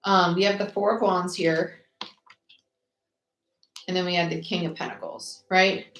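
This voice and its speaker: A woman with a lowish voice gives a live tarot reading in a chatty, quick way, running through the cards one after another. Her voice bounces around an echoey room, with a faint hiss underneath. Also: steady tone, a bit bright. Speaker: tarot reader.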